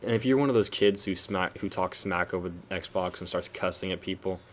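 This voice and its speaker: Young man, low-pitched, rambling and preachy, self-correcting, faint background noise. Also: a little fast. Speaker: video commentator. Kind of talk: casual spoken commentary.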